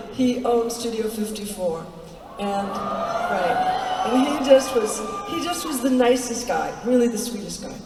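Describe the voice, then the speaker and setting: A woman's voice: on the high side, noisy background. Chatty woman storytelling in an echoing arena. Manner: chatty, wry, full of asides and fillers. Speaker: concert performer telling a story on stage. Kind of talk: storytelling between songs. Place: large indoor arena. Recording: distant audience recording in an echoing arena. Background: crowd ambience.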